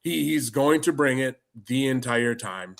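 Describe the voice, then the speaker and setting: A man's voice: medium pitch, expressive, measured pace, creaky. A man co-hosting a casual podcast, rambling and laid-back with many restarts. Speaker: podcast co-host. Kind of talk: casual chat.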